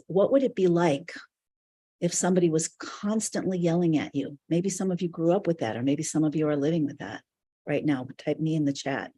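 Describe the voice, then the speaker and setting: A woman's voice: low voice, warm tone, breathy edge. A woman teaching a live online spiritual class, speaking earnestly in loose, flowing, reflective phrases.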